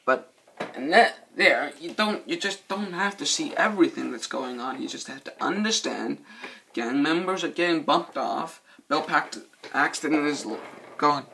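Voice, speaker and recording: A man's voice: mid-range voice, vocal fry, slight background noise. A man doing a casual, rambling movie review, cursing a lot and losing his train of thought. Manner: profane, excitable, loses his train of thought.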